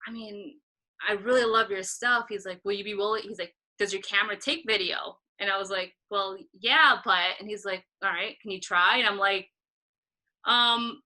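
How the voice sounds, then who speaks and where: A woman concert photographer telling a story in a casual interview, animated and acting out what others said, laughing often. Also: mid-range voice, normal speed, low-quality recording. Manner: animated, acts out quoted voices, laughs often.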